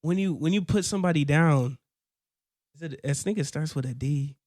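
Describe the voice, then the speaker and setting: A man's voice: on the high side, moderate pace, a little mellow, no echo, clean studio sound. A young man co-hosting a casual faith podcast, earnest and laughing often, sometimes searching for words. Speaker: podcast co-host.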